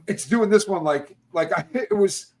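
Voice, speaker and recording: Joking higher-voiced man host. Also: moderate pace. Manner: storytelling, animated and joking. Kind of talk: casual chat.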